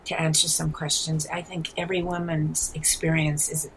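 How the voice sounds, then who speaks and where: Older new york lady rambling thru her stories, lowish voice, bit of fry. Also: normal speed, a little hiss or hum, poor audio. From New York City. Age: 70s. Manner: rambling, animated storyteller with frequent restarts. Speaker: guest artist. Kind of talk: casual interview.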